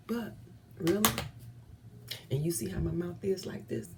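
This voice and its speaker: A woman vlogger giving impassioned commentary, earnest and often dropping to a hushed whisper. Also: lowish voice, a little slow, creaky, pauses often, heavy background noise.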